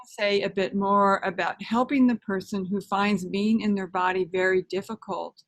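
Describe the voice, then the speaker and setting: Woman, moderator, mid-pitched voice, calm and measured reading. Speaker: seminar moderator reading a question.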